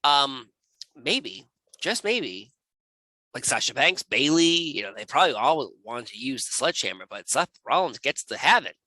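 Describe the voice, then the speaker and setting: Joking guy reacting to wrestling, bright lively voice, bouncy pitch, dry close sound. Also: normal speed, dry recording, rough recording. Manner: animated and jokey, laughs often. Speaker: wrestling show reaction host. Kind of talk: casual comedic commentary.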